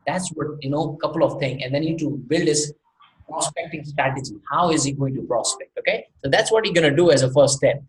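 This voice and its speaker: A man's voice: a little high, fairly quick. A man from India teaching an online sales workshop, asking many rhetorical questions and laughing often. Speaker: sales trainer. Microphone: online call mic. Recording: echoey room with faint noise.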